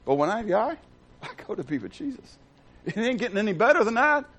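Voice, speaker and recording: Man, pastor, fairly high voice, chatty preaching, hushed to loud. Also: fairly quick. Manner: conversational preaching with rhetorical questions; swings from hushed to loud and excited. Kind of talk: sermon.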